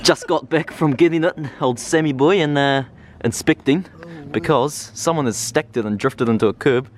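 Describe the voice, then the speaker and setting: A man's voice: on the high side, moderate pace. A man bluntly explaining damage on a car. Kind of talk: casual explaining.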